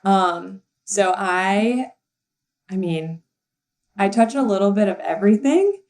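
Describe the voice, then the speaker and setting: A woman's voice: mid-range voice, animated, slow pace, darkish tone. A young adult woman, a podcast guest, chatting casually and telling a story with lots of fillers and laughter. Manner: giggly, rambling storyteller with many fillers. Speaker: guest, assistant and content writer. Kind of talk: casual interview chat.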